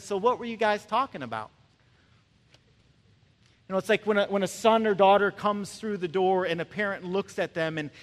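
A man delivers a conversational sermon, slipping into short acted voices as he tells his stories. His voice sits high for a man. The sound carries the long reverb of a large church hall. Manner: conversational, acts out voices of characters. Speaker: pastor.

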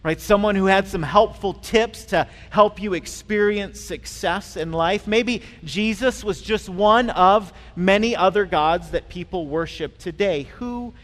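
High-voiced male pastor preaching in a reverberant hall. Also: fairly bright tone. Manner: conversational preaching with frequent pauses and restarts. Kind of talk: sermon. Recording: long reverb in a large hall.

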